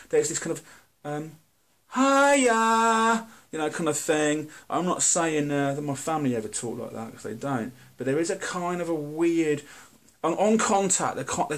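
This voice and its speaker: A British man talking to camera in a candid, earnest monologue, blunt and halting, often restarting his sentences. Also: on the high side. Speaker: video host.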